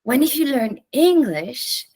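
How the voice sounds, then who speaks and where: A woman's voice: sits high, sing-song, takes it slowly, a little mellow, slightly rough. A woman in her forties whose first language is French, teaching English to learners in a chatty, friendly way with small laughs and restarts. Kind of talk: talking to a class of learners.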